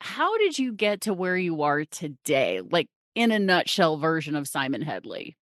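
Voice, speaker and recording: A woman's voice: sits low, very animated, moderate pace, no room sound, studio quality. A woman hosting a podcast, bubbly and gushing as she introduces her guest, laughing often. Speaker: podcast host. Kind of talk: casual interview chat.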